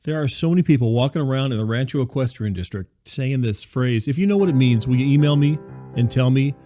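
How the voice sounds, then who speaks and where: A man hosting a comedy podcast, telling a rambling story in a deadpan, conversational way. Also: medium pitch, fast talker, faint music behind. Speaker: podcast host and narrator. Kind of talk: comedic monologue.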